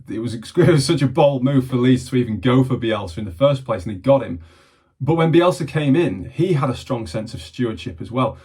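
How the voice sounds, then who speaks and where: A man from England talks earnestly and reflectively to camera in the manner of a mentor. His voice has a slightly husky grain at a mid pitch. He often doubles back on words as he restarts his phrases. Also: darkish tone. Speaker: mentor and vlogger.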